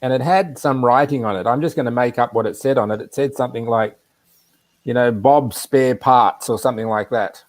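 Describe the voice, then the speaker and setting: A man's voice: medium pitch, quick pace. A man casually telling a personal anecdote on a live video chat, rambling with asides. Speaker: regular guest.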